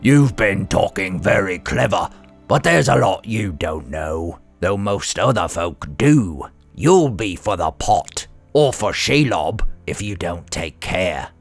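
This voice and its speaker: Man doing a snarling orc boss, menacing, low and slow. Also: lively intonation, soft background music, heavily acted. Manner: snarling and threatening.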